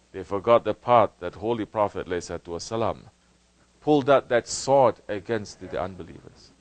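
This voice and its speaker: A man giving a Sufi sermon as teacher, impassioned, swinging between loud outbursts and hushed lines, full of rhetorical questions and repetition. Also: fairly low pitch, fairly quick, no room sound, rough recording.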